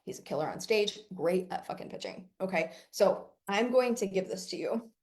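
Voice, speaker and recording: A woman's voice: mid-range voice, animated, moderate pace, a little mellow. Brash, swearing woman coach, casual monologue, laughs a lot. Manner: brash, profane, laughs often. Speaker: business coach.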